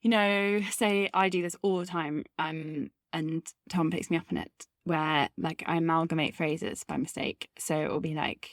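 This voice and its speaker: A woman's voice: low voice, steady tone, moderate pace, few pauses, dry recording, clean studio sound. A woman co-hosting a podcast in casual chat, giggly and self-deprecating as she tells anecdotes. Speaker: podcast co-host.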